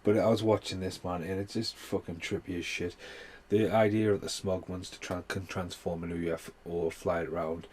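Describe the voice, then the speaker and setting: Deep-voiced man ranting about a film. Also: little pitch movement, a little fast, darkish tone, breathy edge. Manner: swears a lot, rambling with many fillers. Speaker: movie reviewer. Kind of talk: casual rambling film review.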